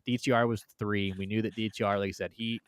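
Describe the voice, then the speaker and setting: A man's voice: lowish voice, fairly even intonation, fast, clean tone, no echo. A man hosting a casual sports talk livestream, rambling and swearing, often ranting heatedly. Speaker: host.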